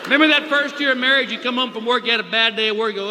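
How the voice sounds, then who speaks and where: A man's voice: high voice, fairly even intonation, rapid-fire, hardly any pauses. A middle-aged man doing a folksy stand-up routine on a live stage, acting out his wife and himself. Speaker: stand-up comedian. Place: live comedy venue with audience. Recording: echoey hall with loud crowd noise. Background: audience laughter.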